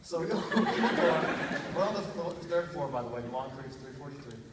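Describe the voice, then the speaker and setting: A man's voice: fairly high pitch, normal speed. Young man telling stand-up stories, echoey hall. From Texas. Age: young adult. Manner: animated storyteller acting out dialogue with excited outbursts. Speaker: stand-up comedian at a student talent show. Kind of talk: stand-up comedy storytelling. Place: large hall at a talent show. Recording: echoey hall, distant mic, noisy.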